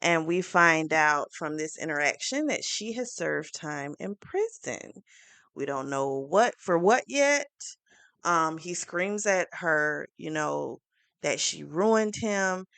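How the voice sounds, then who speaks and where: A woman reviewing a book series, retelling the plot in a chatty, animated way with plenty of fillers. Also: low-pitched, takes it slowly, creaky, no room sound.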